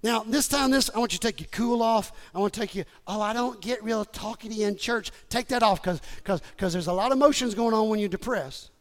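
Male pastor, very high voice, lively delivery, preaching and shouting. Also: quick pace, few pauses. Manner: emphatic preacher, swings from low asides to shouting. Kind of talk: sermon.

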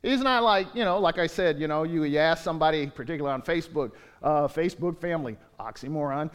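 A man preaching a sermon as pastor, animated, swinging from quiet asides to raised exclamations and acting out quotes. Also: high voice, brisk. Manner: animated, with sudden rises and drops and acted-out quotes. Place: church sanctuary. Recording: long hall reverb.

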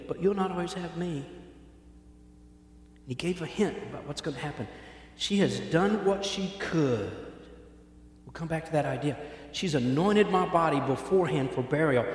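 A man's voice: a little high, lively intonation, unhurried, pauses often. A man preaching a sermon in a casual, joking way, acting out little voices as he retells the story. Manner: conversational and joking, acts out voices. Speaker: pastor. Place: church hall with congregation. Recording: echoey hall.

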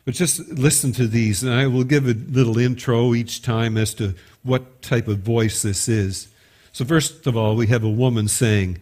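Brief: middle-aged pastor, relaxed sermon storyteller, average male pitch. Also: moderate pace. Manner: conversational storytelling, occasional stumbles.

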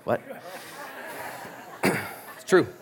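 A man preaching a sermon as a pastor, telling stories with lively, animated energy and acting out the people in them. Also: very slow, crowd noise, noisy background. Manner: animated storytelling, acting out voices.

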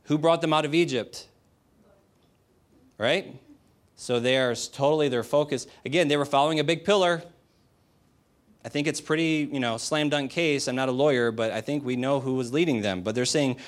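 A man's voice: medium pitch, normal speed, long pauses. A man preaching a sermon in a direct, emphatic, conversational way, asking the audience rhetorical questions. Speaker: pastor.

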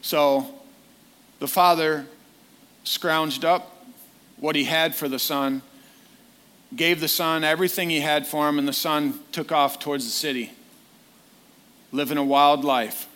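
A man's voice: a little high, fairly even intonation, measured pace, pauses often, pushed and bright, clean tone. A man preaching a sermon in a conversational way, often putting direct questions to his listeners.

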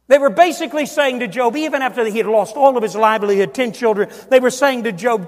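An older man, a pastor, preaching a sermon, swinging from booming emphasis down to hushed, near-whispered asides. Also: brisk, few pauses, big-room sound. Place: church sanctuary.

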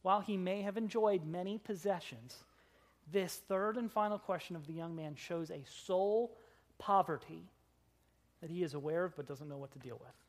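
Speaking fairly quickly, a pastor preaches an expository sermon to a church congregation. They're dramatic and funny in their asides, alternating loud emphasis with hushed, low lines.

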